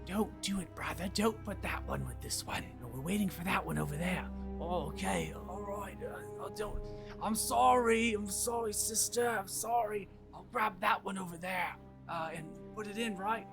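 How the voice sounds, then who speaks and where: A man's voice: normal speed, gravelly. A man doing a whiny hulking monster. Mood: squabbling. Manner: high, whiny, bickering. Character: hulking tusked green monster, squabbling and nervous. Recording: background music.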